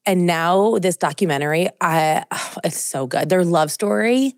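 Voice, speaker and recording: Thirtyish woman co-hosting a podcast, kinda low voice, excited and chatty, dry close mic. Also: measured pace, dry recording. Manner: enthusiastic, laughs often. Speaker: podcast co-host. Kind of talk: casual chat.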